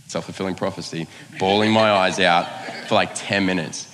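A fairly low-pitched man preaching, mixing a personal story with the sermon's point. His delivery is casual and self-mocking, with quick asides and acted-out quotes. The voice carries a long reverb, as from a church hall. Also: steady tone, fairly bright tone, slight background noise. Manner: conversational, self-mocking, acts out quoted lines. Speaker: pastor.

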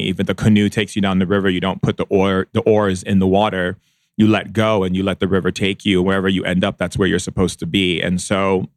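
A man recounting a personal experience as a podcast guest, speaking slowly and reflectively with frequent pauses and fillers. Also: deep voice, no echo, studio quality. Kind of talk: personal storytelling in a podcast interview.

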